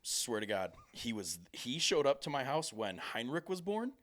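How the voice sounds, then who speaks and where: A man's voice: mid-range voice, very animated, normal speed, a bit bright. A man hosting a podcast, telling stories in a laid-back casual chat with plenty of swearing. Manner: laid-back storytelling with profanity. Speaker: podcast host.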